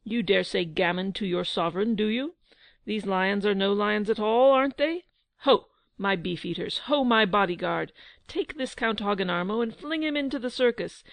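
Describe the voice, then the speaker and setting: A woman reading the part of a pompous, quick-tempered tyrant king who roars his orders. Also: medium pitch, dry recording, lightly acted. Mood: furious. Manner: roaring, pompous.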